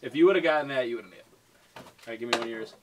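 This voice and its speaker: A man's voice: medium pitch, rapid-fire, distant mic, background noise. A young man co-hosting a casual accent challenge video, teasing and bantering. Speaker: YouTube co-host.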